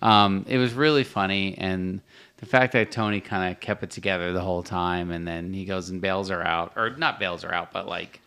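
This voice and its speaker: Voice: low-pitched, fairly even intonation, moderate pace, fairly bright tone, clear, resonant tone. A podcast co-host in casual conversation who reviews a TV episode, often hesitating and restarting sentences. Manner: hesitant, with many fillers and restarts, reacting with short agreements.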